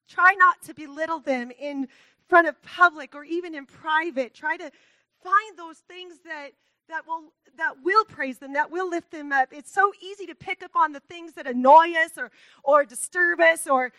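A woman's voice: sits high, pushed and bright, no echo. A woman giving an earnest talk to a church congregation, laughing often and growing tearful at times. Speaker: church speaker.

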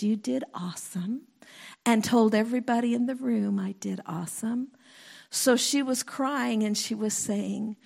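A woman preacher giving a slow, earnest sermon and prayer to a congregation, often sinking into a whisper. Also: mid-range voice, creaky, darkish tone. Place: church hall before a congregation.

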